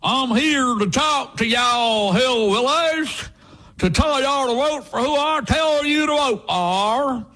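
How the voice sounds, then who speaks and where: A man voicing a male politician who talks down to a rural crowd, slow and drawn out. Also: extremely high pitch, bright, forceful tone, voice pushed up, exaggerated voice, rough recording. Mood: condescending.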